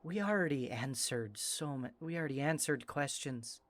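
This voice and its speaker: A man's voice: medium pitch, lively intonation, moderate pace, fairly bright tone, close to an everyday voice. A man doing a weary, fed-up bearded man with a slipping Irish lilt. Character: weary dejected bearded man, sick of questions.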